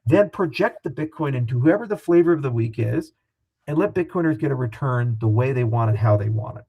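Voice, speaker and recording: A man with a gravelly, rough-edged voice and a breathy, husky tone. He talks as a guest in a casual interview, animated and excitable, dropping profanity freely. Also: medium pitch, brisk, lo-fi sound.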